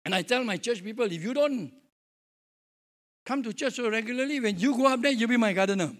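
A man's voice: extremely high pitch, expressive, a little fast, a bit bright. A man preaching a sermon as pastor, jovial and telling stories with acted-out dialogue.

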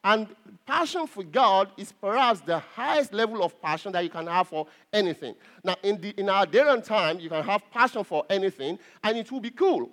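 A pastor preaching an earnest sermon to his congregation, repeating phrases and pausing on fillers. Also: high-pitched, lively intonation, fairly bright tone.

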